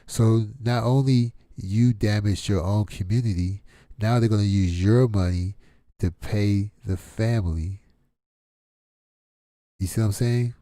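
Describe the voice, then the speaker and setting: A middle-aged man from Detroit talks in a blunt, exasperated monologue, firing off rhetorical questions. His voice sits low with a dark, mellow tone. The sound is dry and close, with no room around it. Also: a little slow, dry recording. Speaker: channel host. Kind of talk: casual commentary monologue.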